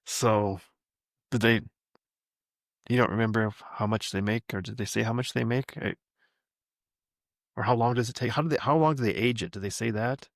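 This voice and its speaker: A man hosting a podcast, asking casual questions in a halting way and often restarting his sentences. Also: medium pitch, gravelly, no echo, studio quality. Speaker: podcast host. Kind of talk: casual interview chat.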